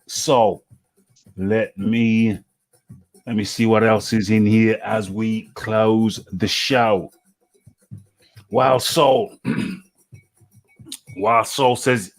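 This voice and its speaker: A man hosting a live boxing chat show, talking casually and repeating his phrases. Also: on the low side. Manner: repeats phrases, laughs easily. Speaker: podcast host.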